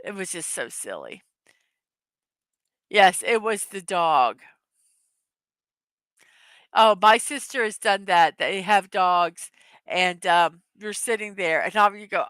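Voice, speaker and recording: Middle-aged woman host, giggly and chatty, unhurried delivery, bright clear voice, dry close sound. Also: medium pitch, no room sound. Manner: giggly, chatty, laughs often at her own jokes. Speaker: host of a daily morning show. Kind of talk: casual chat reading memes to a live audience.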